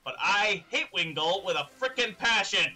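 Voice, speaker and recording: A young man streaming a game, chatting excitedly with his viewers and laughing often. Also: high voice, normal speed, faint music behind. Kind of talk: live-streamed gameplay chat.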